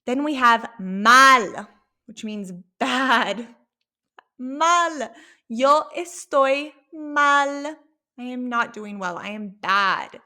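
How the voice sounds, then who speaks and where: A woman teaching an online language lesson from home, sounding out each word slowly and checking in with "okay?". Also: a little high, bright, forceful tone. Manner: slow, drawn-out demonstration of words with frequent "okay?" checks. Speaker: Spanish teacher.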